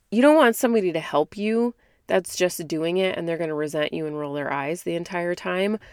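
A woman's voice: on the low side, no room sound, studio quality. A woman in her thirties hosting a podcast, giving casual, direct advice and laughing often. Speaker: podcast host. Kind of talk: casual motivational talk.

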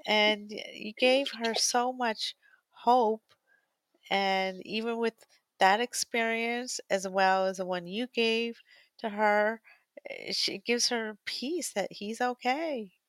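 A woman's voice: on the high side, fairly bright tone, dry recording. A woman interviewing a guest, asking questions in an encouraging, casual way. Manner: encouraging, asks questions with quick backchannels.

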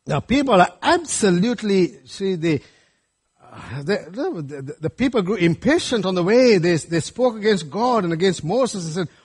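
A man's voice: high-pitched, normal speed, slightly rough. A man from Sri Lanka, preaching a sermon to a church congregation and often checking in with them with "right?" and "friends". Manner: animated, often asks listeners "right?" and calls them friends.

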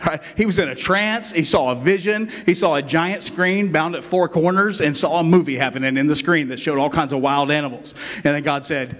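A male pastor preaching in a relaxed, chatty way, his voice sitting a little high for a man. His words ring out with a long reverb, as in a big church hall. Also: fairly quick. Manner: conversational, constant "right?" checks with the congregation. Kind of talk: sermon.

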